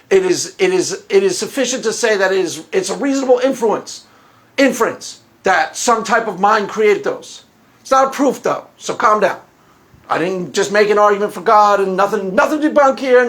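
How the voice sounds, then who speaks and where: A man with a strikingly high voice delivers solo commentary as the host of his own channel. He is blunt and mocking, hammers his points home and repeats phrases for emphasis. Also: a bit bright.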